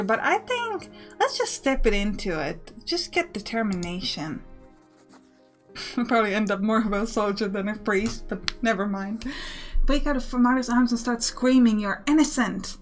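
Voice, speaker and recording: A woman's voice: fairly high pitch, expressive, moderate pace, soft background music. Joking woman reading a game aloud. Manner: reads game text aloud, then jokes about it. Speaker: let's play host. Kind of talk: casual gameplay commentary.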